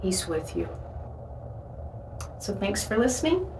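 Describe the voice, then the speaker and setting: A woman's voice: mid-range voice, very animated, takes it slowly, darkish tone. A woman giving a short devotional talk, earnest and storytelling. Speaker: devotional speaker. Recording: echoey room, voice from a distance, faint hiss.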